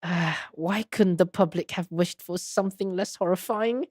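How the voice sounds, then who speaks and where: A woman's voice: fairly low pitch, normal speed, a little mellow, dry recording, studio quality, lightly acted. A woman voicing an earnest young man lawyer who sounds polite and mildly incredulous. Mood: wary.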